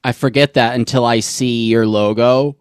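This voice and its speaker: A man hosting a casual interview, enthusiastic and effusive, thanking his guest warmly. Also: medium pitch, steady tone, moderate pace, smooth, dry recording, clean studio sound. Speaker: host.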